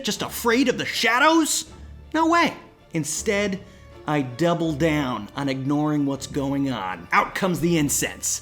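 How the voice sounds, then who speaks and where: A young man hosting and telling a campfire ghost story, dramatic, dropping to hushed whispers and jumping to excited outbursts. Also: on the high side. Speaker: host and storyteller.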